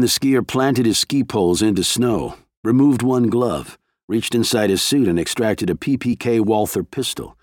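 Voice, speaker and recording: A man reading a thriller as an audiobook narrator, in a measured, steady way. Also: on the low side, no room sound, clean studio sound.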